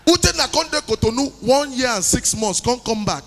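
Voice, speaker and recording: A male stand-up comedian with a Nigerian accent, telling a lively story in Pidgin with a sing-song delivery. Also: very high voice, normal speed. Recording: live hall with long reverb and music.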